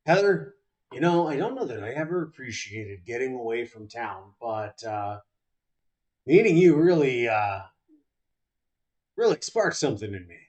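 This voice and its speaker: A man's voice: mid-range voice, sing-song, unhurried, pauses often, a little mellow. A man voicing a cheerful, easygoing man who befriends plants, in a tabletop game. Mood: warm. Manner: laid-back and friendly.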